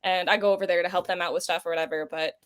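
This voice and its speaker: A woman's voice: fairly low pitch, fairly even intonation, racing. A woman guest on a podcast, chatting casually and telling long rambling stories full of fillers. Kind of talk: casual interview chat.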